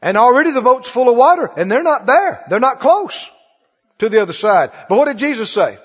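A man's voice: very high-pitched, big pitch swings, brisk, slightly rough, big-room sound, lo-fi sound. A man preaching a sermon, firing repeated questions at his congregation. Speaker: pastor.

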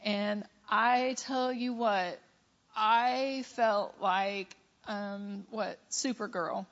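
Slow-talking woman, muffled recording. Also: mid-range voice, steady tone, fairly bright tone. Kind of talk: church testimony.

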